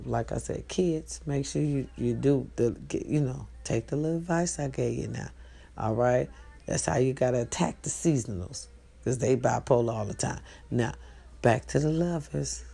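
Woman, gravelly, dark-toned, blunt profane vlogger. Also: very deep voice, moderate pace. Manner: profane, blunt, animated preaching. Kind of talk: casual advice rant to viewers.

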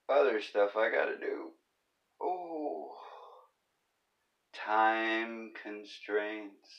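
Hosting his own comedy podcast solo, a man wanders from joke to joke with profane asides at his own expense. He speaks in a lowish voice, and the audio's high frequencies are cut off.

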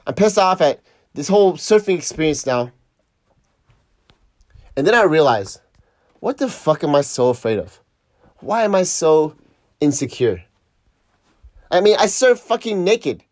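A man's voice: sits high, expressive, a little slow, pauses often, no echo, clean studio sound. A man telling a story casually, swearing and laughing as he reflects on a mishap while surfing. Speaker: surf vlogger.

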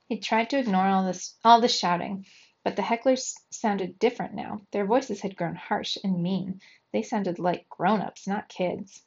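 A woman's voice: medium pitch, moderate pace. Woman reading a kids' book aloud. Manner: steady, clear reading with lively quoted shouts. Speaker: storybook reader for young children. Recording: dull lo-fi recording.

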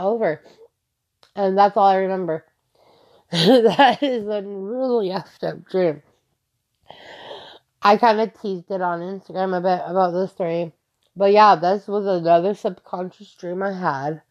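A young woman tells stories on her solo podcast, talking in a loose, rambling way with lots of "like" and some swearing. Her voice sits in an ordinary middle pitch for a woman. The recording sounds a little dull and lo-fi. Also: unhurried. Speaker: podcast host. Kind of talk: casual solo podcast storytelling.

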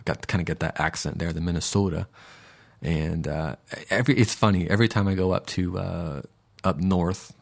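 Low-voiced man rambling through a podcast. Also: brisk, gravelly. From Florida, USA. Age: 30s. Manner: rambling and digressive, with many fillers. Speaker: podcast host. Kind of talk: casual podcast monologue.

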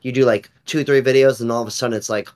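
A man with a middle-range voice talks in a relaxed, easygoing way on a livestream. He meanders through his points and leans on filler words. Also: mid-range voice, racing. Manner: laid-back and loose, with filler-heavy explanations. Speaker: podcast co-host or guest. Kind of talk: casual livestream chat.

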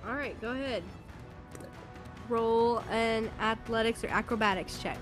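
A woman's voice: fairly high pitch, unhurried, over music. A woman narrating a tabletop game as game master, chatty and loose, laughing with her players.

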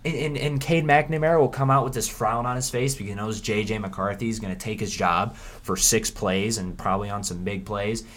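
A man hosting a casual sports preview, rambling and animated with frequent restarts. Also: lowish voice, brisk, few pauses. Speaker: sports podcast host.

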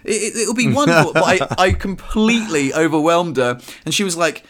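A man's voice: a little high, animated, moderate pace, a bit bright. A man on a podcast, chatting casually and acting out the voices of his family as he tells a story. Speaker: podcast co-host.

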